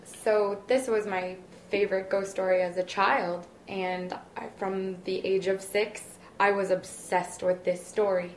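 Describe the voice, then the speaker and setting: Female guest, mid pitch, measured storytelling, echoey room, slight noise. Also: level tone. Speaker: playwright and actor, guest. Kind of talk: casual storytelling chat. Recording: roomy with faint background noise.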